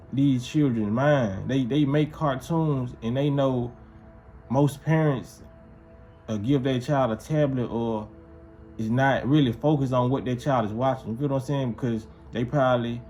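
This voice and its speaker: A man's voice: medium pitch, darkish tone. Man, casual storytelling, loose slang, repetitive, faint music behind. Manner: loose, repetitive, keeps asking "you feel what I'm saying".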